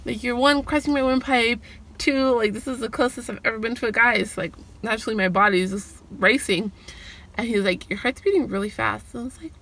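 Chatty young woman with a gravelly edge. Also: bright, forceful tone, slight background noise. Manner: chatty, fillers like "like", acts out quotes in a higher voice. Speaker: vlogger. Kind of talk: storytime vlog.

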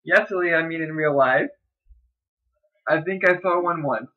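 A man's voice: on the high side, a little slow, lo-fi sound, close to an everyday voice. A man putting on a girlish voice to play a ditzy young fangirl chatting with a stranger online. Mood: giddy.

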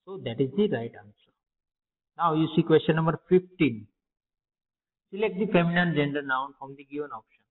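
Reviewing test answers for his pupils, a male teacher with an Indian English accent asks his own questions and supplies the answers. He speaks at a moderate pace in a fairly high voice, leaving long pauses, and the audio is phone-like with a long reverb.

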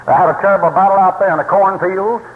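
A man with a fairly high voice preaches, telling stories in a folksy, emphatic way. His voice fills a roomy hall, and the long reverb trails after each phrase. The 1960s recording is thin and tinny. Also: steady tone, fast. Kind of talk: sermon.

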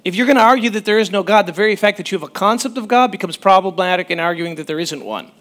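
Male pastor with a high voice, preaching casually and animatedly, restarting his sentences. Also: quick pace. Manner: conversational, animated, breaks off mid-sentence. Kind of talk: sermon.

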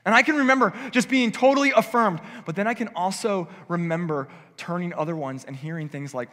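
A male pastor preaches briskly in a church sanctuary with hardly any pauses, his high-pitched, fairly bright voice carrying big-room sound. He keeps the sermon conversational and acts out voices of what people might say.

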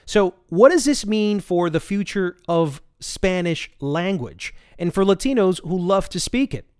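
Smooth-voiced male podcast host. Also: high voice, lively intonation, a little slow, a little mellow, no room sound, studio quality. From United States. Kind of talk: scripted show hosting.

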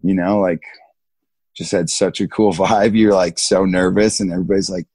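A man in his thirties with a low, husky voice tells skiing stories in a laid-back, slangy way. He laughs often and acts out what others said along the way. The sound is close and dry. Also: fairly even intonation, moderate pace, darkish tone, no room sound. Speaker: guest, big mountain skier. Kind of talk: casual storytelling interview.

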